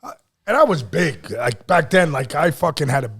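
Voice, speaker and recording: A man on a podcast telling a story in casual chat, loud and profane. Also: a little high, sing-song, normal speed, husky. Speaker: podcast co-host.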